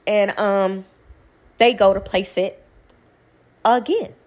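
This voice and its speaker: A young woman, telling a personal story to her viewers in a blunt, animated way, swearing freely. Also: medium pitch, slow.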